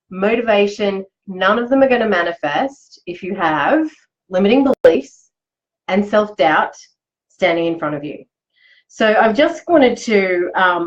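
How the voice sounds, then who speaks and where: A woman's voice: mid-range voice, dull audio. Upbeat woman hosting a live stream. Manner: upbeat and chatty, with laughs. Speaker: host. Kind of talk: live-streamed motivational talk. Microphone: live video stream.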